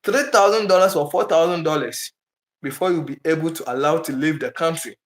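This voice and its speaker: A man with a somewhat high voice, talking to camera in a relaxed vlog monologue. He rambles and restarts his sentences often. The room around him is echoey. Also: fairly quick. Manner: loose and conversational, with frequent restarts. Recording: roomy echo.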